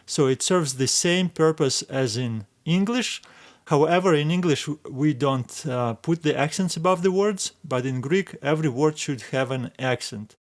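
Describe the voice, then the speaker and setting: A man with a somewhat high-pitched voice teaches a recorded language lesson. He explains patiently and methodically, spelling out letters one at a time and repeating words for practice. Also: moderate pace. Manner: patient step-by-step explaining, naming letters aloud.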